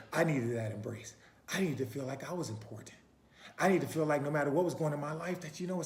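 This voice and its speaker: Preachy man urging in an echoey room. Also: medium pitch. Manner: preachy, repeated rhetorical questions; swings from loud urging to soft, near-whispered lines. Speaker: motivational speaker. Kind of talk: motivational talk.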